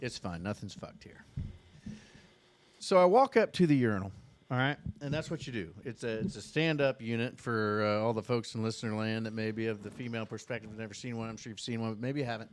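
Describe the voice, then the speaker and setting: A man's voice: lowish voice, steady tone, fast, hardly any pauses, slight background noise. A man with a Southern Indiana accent, telling a long comic story on a podcast, cursing freely. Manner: profane rambling storyteller. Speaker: podcast co-host. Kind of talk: casual storytelling.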